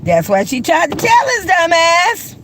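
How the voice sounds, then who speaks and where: A woman's voice: very high voice, wildly swooping pitch, a little slow, a bit bright, slight background noise, poor audio. A woman hosting a gossip commentary channel, who talks bluntly, swears a lot, hurls insulting names and fires off rhetorical questions. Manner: repetitive, calls people insulting names. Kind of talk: profane opinion commentary.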